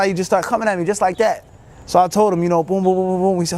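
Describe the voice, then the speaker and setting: A man, an Islamic teacher, telling a personal story in a casual, animated way and acting out other people's lines. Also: high voice, fast. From United States. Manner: casual, many fillers like "you know".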